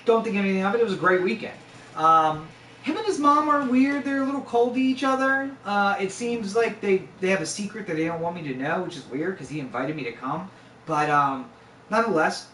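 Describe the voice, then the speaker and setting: Man, young adult, fairly high voice, bright tone, casual swearing storyteller. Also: a little fast, slight background noise. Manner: conversational, swears freely, lots of fillers. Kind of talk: casual true-story telling. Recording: echoey room, voice a bit far from mic.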